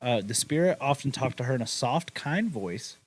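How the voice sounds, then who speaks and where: A young man recounts a ghost story on a casual podcast. His delivery is relaxed and crude, full of swearing and "uh" and "like" fillers. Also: medium pitch, moderate pace, low-quality recording. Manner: laid-back, swears a lot, hedges with "uh" and "like".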